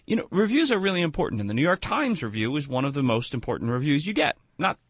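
Chatty, animated radio co-host. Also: male voice, a little high, quick pace, slightly rough, no room sound, lo-fi sound. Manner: animated, chatty, lots of restarts. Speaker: radio show co-host, restaurant owner. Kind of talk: casual radio talk.

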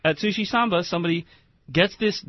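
Chatty talk radio host, dry muffled sound. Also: male voice, sits high, brisk, no room sound. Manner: chatty, amused storyteller. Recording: dry, slightly muffled studio mic.

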